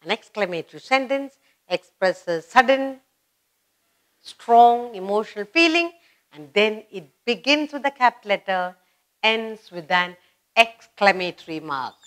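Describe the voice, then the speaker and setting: A woman with an Indian English accent teaching a grammar lesson, slowly and patiently repeating example sentences. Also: mid-range voice, expressive.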